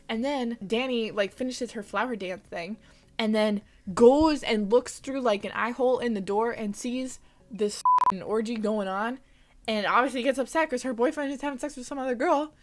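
A young woman giving an animated, casual movie recap, full of "like" and blunt, incredulous asides. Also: fairly high pitch, moderate pace. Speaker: vlogger.

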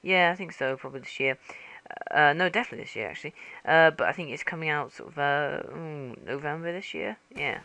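A man rambles through casual game commentary, filling gaps with ums and restarts. His voice is bright and a little high. He speaks into a gaming headset and has a cough. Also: a little fast, vocal fry, no echo. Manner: rambling, many fillers and restarts.

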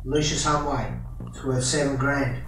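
An actor playing a friendly but businesslike contract broker. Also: male voice, mid-range voice, fairly even intonation, a little slow, vocal fry. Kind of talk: film acting. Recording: very echoey, distant, with music.

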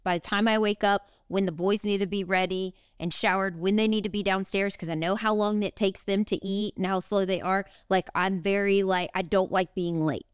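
A woman's voice: medium pitch, steady tone, normal speed, few pauses, clear, resonant tone, no echo, clean studio sound. A woman, co-hosting a podcast in casual, rambling chat. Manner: chatty, rambling, lots of "like". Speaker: podcast co-host.

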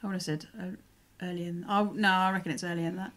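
A woman in her forties, co-hosting a casual podcast chat in a chatty, animated way with frank mild swearing. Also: on the low side, fast talker. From United Kingdom. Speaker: podcast co-host.

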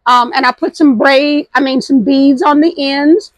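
A slightly hoarse woman hosting a casual vlog, lively and affectionate, who calls her viewers honey, recorded outdoors on a patio at night. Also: sits high, unhurried, no echo, rough recording. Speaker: thrift and home vlog host.

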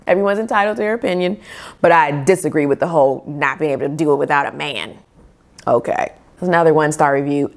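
A woman hosting a casual book vlog, reacting to reviews in an animated, opinionated way. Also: fairly low pitch, fairly quick.

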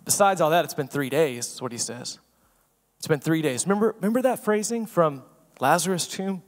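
A man preaching a sermon as pastor, swinging between loud emphasis and hushed asides and asking the room rhetorical questions. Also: on the high side, brisk. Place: church sanctuary. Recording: long reverb of a church hall.

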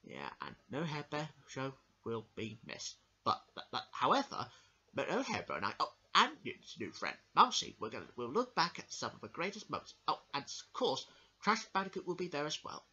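A man hosting a homemade puppet show, talking in a rambling, halting way in a lo-fi home recording. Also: fairly high pitch, wildly swooping pitch, pushed and bright, breathy edge. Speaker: host.

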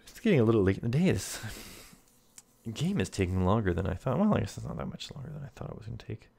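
Gravelly low-voiced man playing a text game. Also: very animated, fast talker, mellow. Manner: reads game text and comments wryly to himself. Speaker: let's player. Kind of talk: reading a text adventure aloud with casual commentary.

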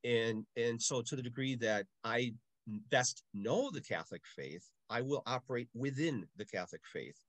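An older man from Milwaukee who works as a parish music director reminisces in a casual, chatty interview. His mid-range voice moves at normal speed on a close, dry recording with no room sound. He's an animated storyteller who slips into voices for the people in his anecdotes.

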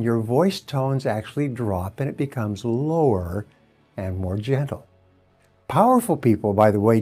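A man giving a self-help talk as a motivational speaker, measured and explanatory, leaning on key words. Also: medium pitch, warm tone.

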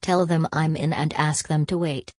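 A lonely, timid army major in a storybook reading, hiding from his men behind short, evasive replies, voiced by a woman narrator. The voice sits low and the sound is dry and close. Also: steady tone, moderate pace, a little mellow, no room sound, natural voice. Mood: curt, evasive. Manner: curt, evasive one-word answers.

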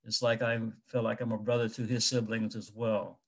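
Emotional middle-aged man, halting tribute. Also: lowish voice, flat delivery. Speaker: friend giving a tribute. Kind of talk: heartfelt personal remembrance.

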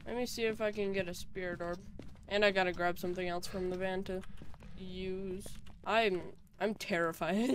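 A woman's voice: fairly low pitch, slight background noise. A young woman giving nervous, chatty commentary while playing a horror game alone, with jumpy reactions. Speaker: gaming YouTuber.

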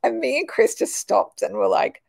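A woman's voice: high-pitched, wildly swooping pitch, moderate pace, creaky, a little mellow, breathy edge. A woman in her forties chatting casually with viewers as a host, laughing often and swearing now and then. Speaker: host answering viewer questions. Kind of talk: casual chat.

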